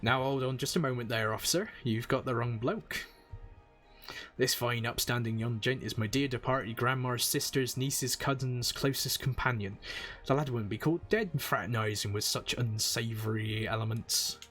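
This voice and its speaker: Guy doing a boisterous harbor barkeep, rough sea-dog brogue, rambling and folksy. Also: lowish voice, measured pace, a bit bright, soft background music. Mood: sly. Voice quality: exaggerated rough seafaring brogue. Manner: boisterous, folksy, long-winded. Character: gruff middle-aged male harbor tavern keeper.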